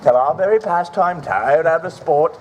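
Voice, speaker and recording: A man's voice: fairly high pitch, animated, normal speed, slight background noise, close to an everyday voice. A man playing a boisterous, scheming old knight with declamatory stage delivery, outdoors. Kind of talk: outdoor Shakespeare stage acting.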